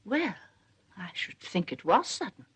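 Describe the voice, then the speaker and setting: A woman's voice: mid-range voice, big pitch swings, unhurried, fairly bright tone, a little hiss or hum. An actress playing a proper, anxious middle-aged mother in a 1930s film, prim and emphatic, lecturing her son's new wife.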